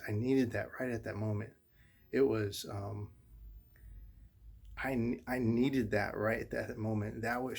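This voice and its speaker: A middle-aged man, a father, telling viewers a painful personal story in a halting, earnest way, often repeating himself. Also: mid-range voice, vocal fry, a little mellow. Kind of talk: emotional personal monologue to viewers.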